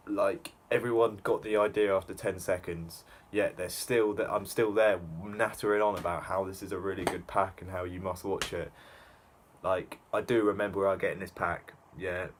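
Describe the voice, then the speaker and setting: A man's voice: low-pitched, steady tone, normal speed, slight background noise. A young man rambling through self-mocking reaction commentary, with lots of fillers. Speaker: YouTuber.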